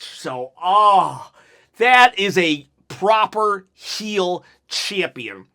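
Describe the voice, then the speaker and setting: Male wrestling reviewer with a high voice, rambling and excited, talking with a sore mouth. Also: drawn-out words. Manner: rambling and enthusiastic. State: sore mouth after dental work. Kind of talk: casual one-take review.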